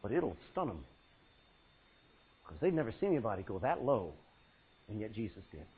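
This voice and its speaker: A man's voice: on the low side, normal speed, breathy edge, phone-quality sound. A man preaching a sermon, acting out Bible scenes with laughs and sudden drops to a near-whisper. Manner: animated, acts out Bible scenes with laughs and dramatic drops in volume.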